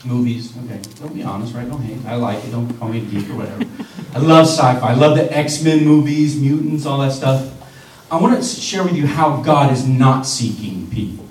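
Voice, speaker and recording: A man's voice: medium pitch, moderate pace, darkish tone. A man in his thirties preaching a sermon, talking conversationally with joking asides to the congregation. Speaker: pastor. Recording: echoey room from a distance with faint hiss.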